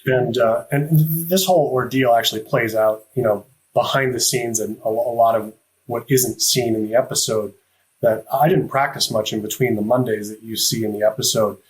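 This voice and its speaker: A professional golfer talking on a podcast, halting, with many fillers and restarts. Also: male voice, medium pitch, steady tone, low-quality recording. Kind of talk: casual podcast chat.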